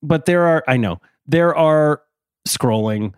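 A man's voice: a little high, lively intonation, slow pace, smooth, no echo, studio quality. A man co-hosting a podcast, giving an earnest, thoughtful review of an album in casual chat and laughing easily. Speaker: podcast co-host.

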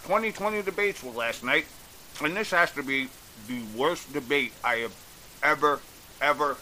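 A man's voice: fairly high pitch, lively intonation, moderate pace, pushed and bright, a little hiss or hum, low-quality recording. A man delivering a blunt, exasperated opinion rant on a vlog, swearing freely as he goes. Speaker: political commentator.

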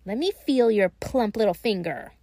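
A woman voicing a gnarled, toothless old witch who croaks and cackles, cruel and greedy, in a storybook reading. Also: mid-range voice, animated, normal speed, dark tone, no echo, lightly acted. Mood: scornful.

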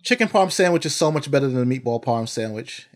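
A man's voice: medium pitch, expressive, fast talker. A man co-hosting a podcast, arguing his point insistently in casual chat. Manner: argumentative, makes his case insistently. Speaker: podcast co-host.

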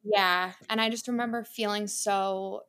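A woman's voice: mid-range voice, steady tone, a little slow, fairly bright tone. A young adult woman, an interior designer guesting on a podcast, telling her career story in a candid, chatty way, laughing often.

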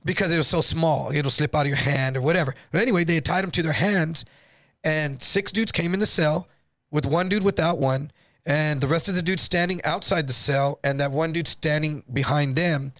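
A man from Texas, a guest comedian, telling a story in an animated, profane, slang-heavy way. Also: a little high, moderate pace, dry recording, clean studio sound. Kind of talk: casual storytelling.

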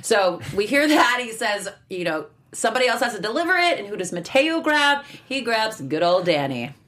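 A woman's voice: fairly high pitch, big pitch swings, normal speed, fairly bright tone. A woman hosting a casual recap of a TV episode, rambling and restarting her sentences, laughing easily. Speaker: show host.

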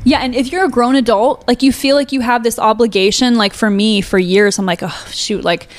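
A woman's voice: on the high side, steady tone, a little fast. A young adult woman co-hosting a podcast, chatting casually and telling stories with lots of fillers. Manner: chatty, storytelling with many fillers. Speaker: podcast co-host. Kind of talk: casual chat.

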